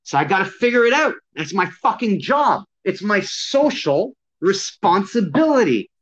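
A man's voice: high-pitched, sing-song, normal speed. A man who teaches de-escalation talks bluntly and emphatically in a casual conversation, swearing often. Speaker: de-escalation and self-defense instructor. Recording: dull lo-fi sound.

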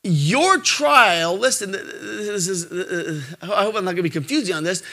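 Middle-aged guy preaching, real high sharp voice, gets loud then drops way down. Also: lively intonation, normal speed. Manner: preaches in surges, voice rising loud then dropping low; acts out quoted voices in asides. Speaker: pastor. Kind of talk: sermon.

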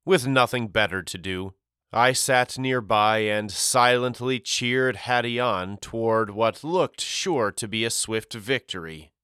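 A man narrating a novel as an audiobook, reading steadily with clear articulation on a close studio microphone. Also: medium pitch, slow, sharp tone, dry recording. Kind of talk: scripted storybook narration.

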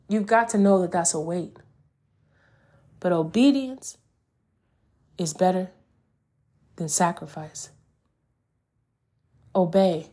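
A woman's voice: mid-range voice, darkish tone. A woman hosting a faith-based podcast, speaking in a fervent, preaching manner and addressing her listeners directly. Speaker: podcast host.

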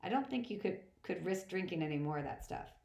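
A woman's voice: on the low side, expressive, fairly quick, creaky, a little mellow. A woman reading the part of a nervous, apologetic young male satyr in an audiobook, with a hesitant manner, in a roomy echo. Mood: anxious.

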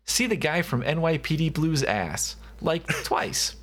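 A man's voice: fairly high pitch, expressive, unhurried, fairly bright tone, husky. A man hosting a podcast, reading a playful, mock-grand scripted intro. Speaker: podcast host.

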